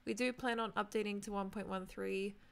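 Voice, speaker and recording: A woman's voice: medium pitch, steady tone, brisk, vocal fry, smooth. A young Australian-accented woman streaming a game and chatting casually with viewers, greeting them by name as she goes. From New Zealand, raised in Australia. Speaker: gaming streamer. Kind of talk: casual live-stream chat.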